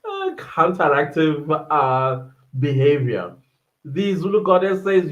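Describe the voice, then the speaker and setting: Laughing man on a livestream. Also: very animated. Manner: chatty and warm-hearted, often laughing, quick shifts up in pitch. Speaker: livestream host. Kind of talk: casual livestream chat, reading viewer comments. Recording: muffled lo-fi livestream audio.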